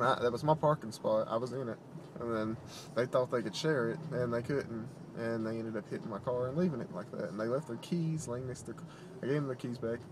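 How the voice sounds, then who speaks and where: A man's voice: mid-range voice, a little hiss or hum. A young man chatting casually in a daily vlog, rambling with lots of fillers and restarts, filmed on a handheld camera in his car and around campus. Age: young adult. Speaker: vlogger. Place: parked car and campus spots, cold day.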